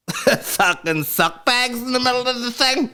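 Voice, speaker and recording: A man's voice: very high voice, lively intonation, a little slow, sharp tone, clear, resonant tone, pitched above the performer's own voice, exaggerated voice. A man doing a pompous, fussy male art critic with a mock-posh, probing manner. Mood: mock-serious.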